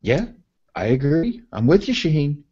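A man's voice: a little high, very animated, normal speed, a little mellow, husky. A man co-hosting a casual podcast, laid-back and agreeable, recapping events. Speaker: podcast co-host. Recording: muffled lo-fi podcast audio.

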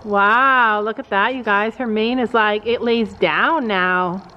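A woman's voice: medium pitch, takes it slowly, a little hiss or hum. A middle-aged mother vlogging casually at a horse barn, chatty and rambling with lots of fillers. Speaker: mom vlogger. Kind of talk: casual vlog chat. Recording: dull lo-fi camera audio.

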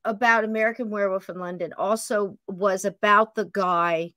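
A woman podcast host in casual chat, talking fast and gushing with enthusiasm. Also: medium pitch, fairly even intonation, fairly bright tone, no room sound.

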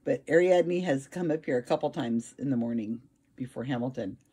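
Chatty husky-voiced woman vlogging her cats. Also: very deep voice, a little fast, mellow. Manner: chatty, laughs often, talks to her pets. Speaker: pet owner filming her cats. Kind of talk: casual home vlog.

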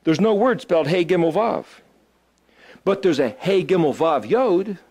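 A man's voice: sits high, animated, measured pace, a little mellow. Man teaching, thinking aloud. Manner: thinks aloud, asks the group questions. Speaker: Hebrew study teacher. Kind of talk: informal teaching to a small group.

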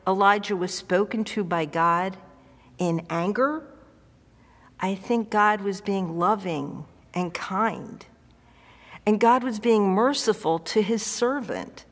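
Woman pastor preaching slow and earnest, long church echo. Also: mid-range voice. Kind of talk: sermon.

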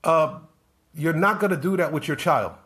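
A man's voice: a little high, moderate pace, fairly bright tone. A man giving a motivational business talk on a live stream, firing off rhetorical questions and repeating himself as he pushes his point. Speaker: business coach.

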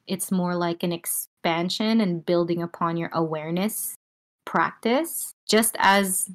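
A woman with a slightly low voice talks a group through a breathing exercise. She speaks casually and calmly, filling her sentences with "like". She is heard over a video call mic with noise cancelling. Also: a little slow. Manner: casual, calm guiding talk with many filler likes. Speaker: breathwork and voice teacher.

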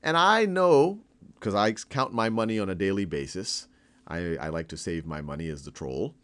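A man's voice: low voice, animated, moderate pace, fairly bright tone. A man voicing a pompous, self-satisfied male bridge troll in a playful math-lesson story. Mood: boastful. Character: rich, boastful male bridge troll demanding tolls.

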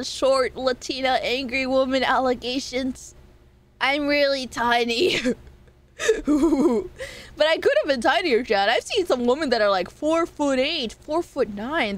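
This woman's voice sits high and she's in no hurry. In a casual live-stream chat she playfully teases her viewers and keeps breaking into laughs.

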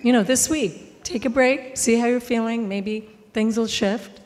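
A woman in the audience playing a parent, talking in a calm, soothing, reassuring way. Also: on the high side, unhurried, long reverb tail, a little hiss or hum. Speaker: audience member. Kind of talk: improvised role-play as a parent.

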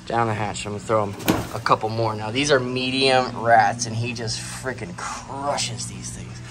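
A man's voice: mid-range voice, normal speed. A man talking casually to the camera about feeding his reptiles and tattooing, chatting to his animals. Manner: energetic, talks to his animals. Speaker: tattoo artist and reptile keeper. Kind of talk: casual vlog narration.

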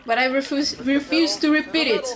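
A woman streaming a video game in casual commentary, excitable, swearing and laughing often. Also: high voice, moderate pace, a crowd in the background. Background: game music.

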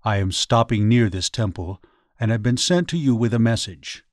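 A formal, commanding samurai retainer, read by a man, speaks with a slightly lowered voice in a storybook ghost tale. His words are curt and bluntly authoritative. The recording is close and dry. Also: normal speed, no echo, natural voice. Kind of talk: audiobook character reading.

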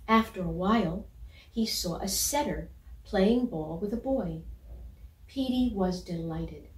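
A woman reading a children's picture book aloud in a gentle, measured storytelling voice. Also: medium pitch. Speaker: storybook reader. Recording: roomy, from a distance.

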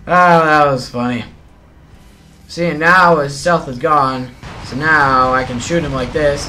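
A man's voice: on the high side, unhurried, sharp tone, a little hiss or hum. A man giving playful, chatty gameplay commentary, talking to himself and to his opponents as he plays. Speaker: mobile game channel host.

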